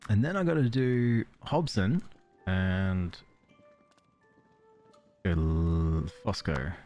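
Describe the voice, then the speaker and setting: An Australian man with a deep, slightly mellow voice speaks extremely slowly while streaming a game over soft background music. In casual let's-play style, he rambles, pokes fun at himself, chuckles often, and reads chat aloud.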